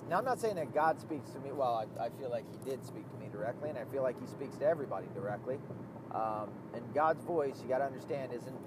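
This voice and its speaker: A man's voice: mid-range voice, fast. Profane man rambling while driving. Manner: profane, rambling, loses his train of thought. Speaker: vlogger. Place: inside a car on the road. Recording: steady car road noise.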